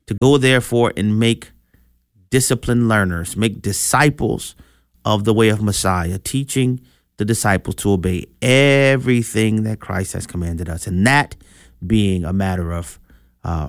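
A man preaching a sermon, in a conversational style with animated asides. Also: lowish voice, no room sound, clean studio sound.

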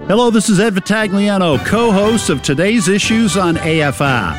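A man's voice: high-pitched, normal speed. A man with a Boston accent, a show co-host, reading an upbeat scripted promo. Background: music bed.

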